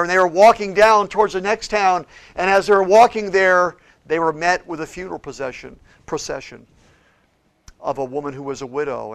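A gravelly pastor preaching with swings. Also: male voice, mid-range voice. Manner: preaches with big swings from shouting to hushed tones. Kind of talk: sermon.

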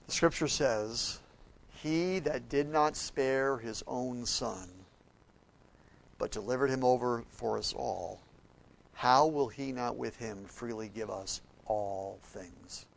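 A man preaching a sermon, telling stories with acted-out quotes and swinging between loud outbursts and soft, quiet passages. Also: medium pitch, slow pace, gravelly.

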